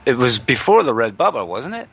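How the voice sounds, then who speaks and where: The recording is dull and lo-fi with a faint hiss as a male radio host chats casually in an interview, reacting briefly and thinking out loud while clicking through a website. His medium-pitched voice is gravelly, fairly bright, and slightly rough, and he speaks very animatedly and a little fast.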